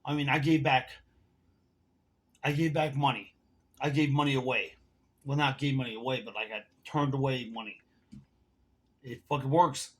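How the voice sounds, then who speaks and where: A man's voice: medium pitch, steady tone, normal speed, pauses often, slightly rough. A man ranting to camera in a casual vlog, telling a heated, profane story while smoking and drinking. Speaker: vlogger.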